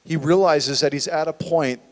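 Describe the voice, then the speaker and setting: A male pastor with a high voice preaches a sermon in a reverberant church sanctuary at normal speed. His intonation stays fairly even as he preaches conversationally, posing rhetorical questions.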